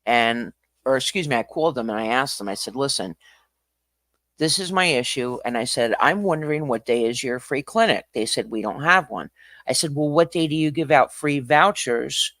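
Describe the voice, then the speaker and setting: A man hosting a livestream, talking casually in an animated, ranting way that swings from quiet to loud. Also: medium pitch, dry recording, clean studio sound. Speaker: livestream host.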